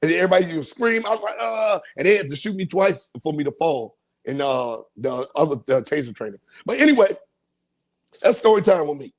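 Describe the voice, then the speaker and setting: A man's voice: fairly high pitch, animated, fairly quick. A man hosting a podcast, telling a profane comic story and acting out voices and sound effects. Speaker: podcast host.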